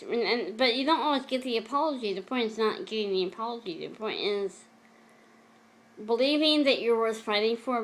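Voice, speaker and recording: A woman speaks to her camera in a personal confessional vlog, earnest and heartfelt. She sounds moved, close to tears, and sometimes pauses or restarts as she finds her words. Her pitch sits mid-range for a woman. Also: slight background noise. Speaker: vlogger.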